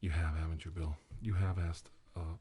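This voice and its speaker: A man doing a whispered role-play as a comic ASMR host, teasing and mock-soothing, with soft talk and whispers. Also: deep voice, little pitch movement, moderate pace, slightly rough.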